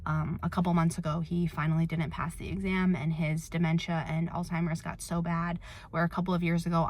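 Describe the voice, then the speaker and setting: A young woman vlogging in a candid, reflective way, with many filler words. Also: lowish voice. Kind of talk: personal confessional vlog.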